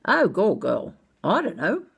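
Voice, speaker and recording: A woman's voice: mid-range voice, huge pitch swings, measured pace, vocal fry, slightly rough, voice pushed up, exaggerated voice. A woman voicing a casual male chauffeur who talks in an offhand, easygoing way. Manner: offhand and easygoing, says "duck".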